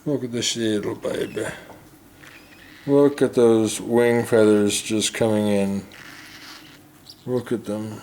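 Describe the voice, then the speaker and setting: A man keeping pet birds, cooing at them in soft baby talk and often dropping to a hush in a casual vlog. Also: on the low side, steady tone, slow, creaky, pauses often, slight background noise. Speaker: pet bird keeper.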